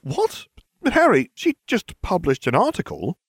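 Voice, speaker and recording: A man voicing a bright, bossy teenage girl witch who talks in a prim, self-satisfied way. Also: medium pitch, wildly swooping pitch, brisk, slightly rough, dry recording, studio quality, voice pushed up, exaggerated voice. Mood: indignant.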